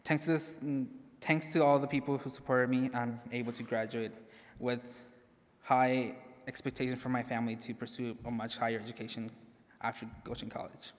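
A man's voice: mid-range voice, steady tone, moderate pace. A young man, a graduating student, giving a personal speech to an audience; he is nervous, laughs at himself often and says "like" a lot. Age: young adult. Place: large hall. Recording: hall reverb.

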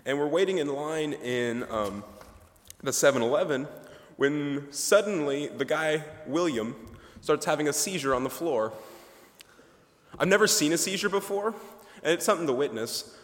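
A man's voice: a little high, animated, normal speed. A young man, a ministry student, giving a humorous, chatty chapel talk, full of asides and fillers. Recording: reverberant chapel hall.

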